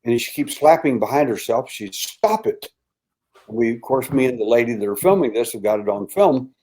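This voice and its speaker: An older man being interviewed as a guest tells a story with lively delivery, performing quoted voices and sinking into a hushed tone. His mid-range voice runs a little fast.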